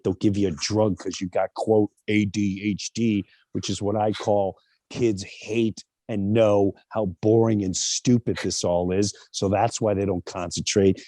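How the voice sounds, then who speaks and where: A middle-aged man telling personal stories as an interview guest, animated and acting out other people's voices with big jumps in pitch. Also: dry recording.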